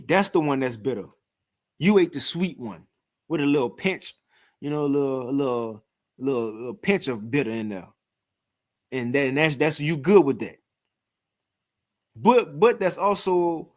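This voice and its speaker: A man giving informal scripture commentary with readings, animated and mocking, often repeating and restarting words. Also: fairly high pitch. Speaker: scripture teacher reacting to another video.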